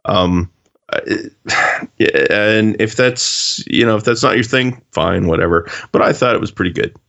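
A man co-hosting a podcast, telling stories in casual, profane, animated chat. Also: fairly low pitch, measured pace, gravelly, lo-fi sound. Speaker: podcast co-host.

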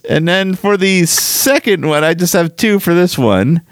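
A man's voice: high-pitched, lively intonation, unhurried, a little hiss or hum. A man hosting a podcast in casual chat, rambling and self-deprecating as he goes through listener mail. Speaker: podcast host.

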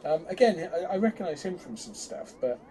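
Male co-host, mellow and warm, chatty with frequent restarts, faint background hiss. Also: sits high, a little fast. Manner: chatty, hesitant restarts, animated bursts. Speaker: podcast co-host. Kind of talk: casual fan chat.

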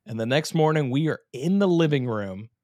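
Animated male podcast storyteller, dry sound. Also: on the high side, moderate pace, dry recording. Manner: animated storyteller, swears, slips into silly character voices. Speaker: podcast co-host. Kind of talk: casual podcast chat recapping an episode.

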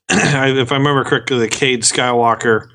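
A man co-hosting a podcast, chatting casually and recalling facts with loose, halting phrasing. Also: mid-range voice, fairly even intonation, pushed and bright. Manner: loose, hesitant recall with fillers. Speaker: podcast co-host. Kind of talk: casual chat.

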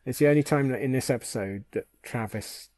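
A man's voice: medium pitch, fairly quick, no echo. Chatty man, dry close sound. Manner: relaxed, agreeable, chatty. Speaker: podcast co-host. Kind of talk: casual fan discussion.

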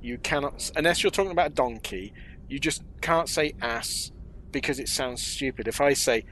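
A man's voice: mid-range voice, normal speed, fairly bright tone, slight background noise. Rambling, jokey English man. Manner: rambling, self-deprecating, jokey. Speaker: podcast co-host. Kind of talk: casual chat.

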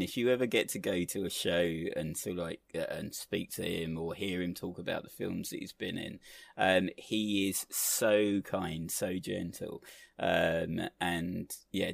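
A man with a deep, gravelly voice tells stories casually on a podcast. He rambles with plenty of fillers and breaks into loud laughs. The recording is dry and close. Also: no echo. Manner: chatty storyteller, laughs loudly, many fillers. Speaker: podcast co-host. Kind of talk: casual chat.

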